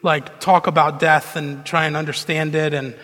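A male pastor preaching a sermon in a conversational, animated storytelling manner, in a church hall. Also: fairly high pitch, moderate pace, faint music behind. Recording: long reverb of a large hall.

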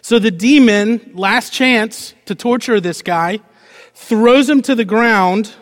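A man preaching a lively sermon as pastor, asking the congregation rhetorical questions and acting out short quotes with playful energy. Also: high-pitched, slow pace. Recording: long hall reverb.

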